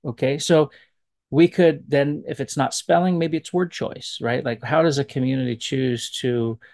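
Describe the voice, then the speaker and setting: A man, a professor, giving casual spoken commentary on language, relaxed and thinking aloud as he digresses. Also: medium pitch, moderate pace.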